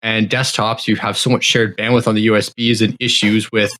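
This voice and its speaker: A man co-hosting a casual tech podcast, explaining technical details at length in an even, matter-of-fact way. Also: fairly low pitch, a little fast.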